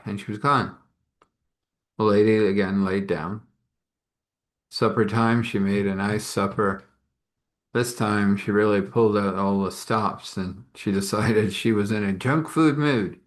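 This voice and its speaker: A man with a lowish voice telling a story off the cuff. He rambles, adds chatty asides and talks to the listener as he goes. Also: steady tone, measured pace. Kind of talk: casual improvised story narration.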